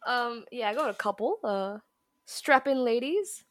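A woman in casual chat, playful and quick to laugh, guessing at slang terms. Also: a little high, animated.

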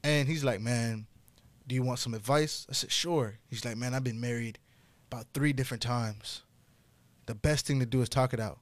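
In easygoing podcast conversation, a young man relays an outrageous story, cursing often and growing loud and high-pitched as he gets worked up. His pace is moderate, and the recording sounds dry.

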